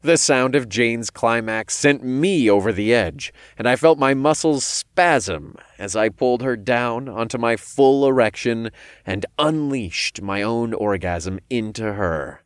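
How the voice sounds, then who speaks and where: A man reading a first-person story aloud in a calm, measured way. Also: mid-range voice, no room sound, clean studio sound. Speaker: narrator.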